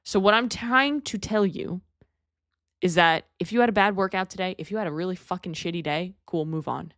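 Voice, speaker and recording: A woman's voice: lowish voice, a little fast, fairly bright tone, no room sound, clean studio sound. A young adult woman hosting a podcast, giving a candid, earnest motivational monologue and swearing casually. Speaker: podcast host.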